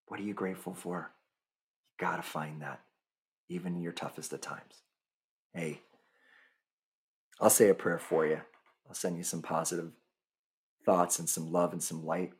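A man with a very low, husky voice talks straight to his listeners. He delivers an earnest, heartfelt podcast monologue. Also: steady tone, moderate pace, pauses often. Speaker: podcast host.

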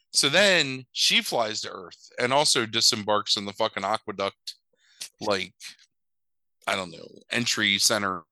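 In a loose, chatty recap, this man retells a film's story, padding it with fillers and hamming up the characters' dialogue in exaggerated voices. He's a podcast co-host with a lowish, animated, unhurried voice and a sharp tone; the recording is rough but echo-free.

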